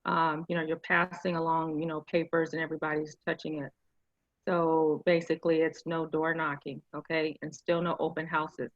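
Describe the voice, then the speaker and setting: A woman's voice: low-pitched, flat delivery, normal speed, dry recording, dull audio. A middle-aged woman presenting an online real estate training session, speaking informally with lots of fillers and asides. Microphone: video call mic.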